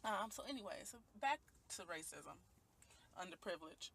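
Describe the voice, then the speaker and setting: A woman's voice: on the low side, expressive, moderate pace, creaky, a bit bright, a little hiss or hum. A woman, talking earnestly and from the heart in a personal video monologue recorded on a phone. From Detroit, USA. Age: 20s. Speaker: vlogger.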